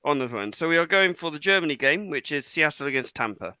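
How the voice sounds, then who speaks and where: Easygoing British podcast host, dry sound. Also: male voice, a little high, animated, quick pace, sharp tone, clean tone, no echo. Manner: easygoing, chatty, runs the segments. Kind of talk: casual chat.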